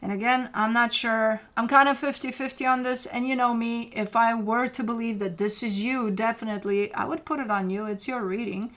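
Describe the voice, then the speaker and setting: A woman's voice: a little high, steady tone, a little fast, few pauses, fairly bright tone. A woman giving a casual tarot reading, speaking candidly and directly to the viewer, swearing freely and arguing with imagined objections. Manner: argues with imagined objections to make a point. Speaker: tarot reader.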